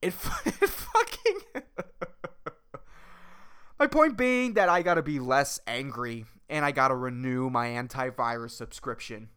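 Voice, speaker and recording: A man's voice: medium pitch, big pitch swings, unhurried, sharp tone, clean tone. A man hosting a solo comedy podcast, rambling, swearing constantly and joking as he goes. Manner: rambling, profane, jokey. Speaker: podcast host.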